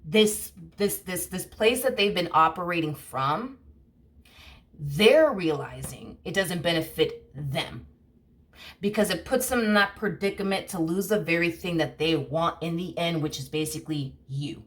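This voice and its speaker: A woman's voice: lowish voice, lively intonation, a little slow, a bit bright. Rambling woman tarot reader. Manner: rambling, heavy "you know" and "like" fillers, blunt swearing. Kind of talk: casual tarot reading.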